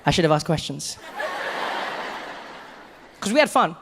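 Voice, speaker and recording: South African comedian telling stories. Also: male voice, on the high side, big pitch swings, a little slow, vocal fry, long reverb tail, noisy background. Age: 30s. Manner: conversational storytelling with asides. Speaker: stand-up comedian. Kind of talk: stand-up comedy set.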